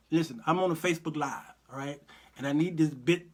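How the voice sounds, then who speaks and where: A man hosting a livestream commentary, who talks in an animated, preachy, folksy way. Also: fairly high pitch, fairly quick, husky. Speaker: host and Bible teacher.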